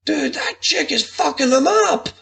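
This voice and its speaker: A man voicing a brash, crude young male frat bro who shouts and swears. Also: extremely high pitch, lively intonation, unhurried, vocal fry, pitched above the performer's own voice, full character voice. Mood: excited.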